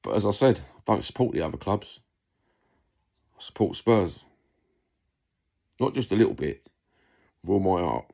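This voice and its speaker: A man's voice: low voice, big pitch swings, moderate pace, vocal fry, pauses often, darkish tone. A man with a London accent delivering a heated, sweary rant to camera in reply to a comment, repeating his points. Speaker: vlogger responding to a comment.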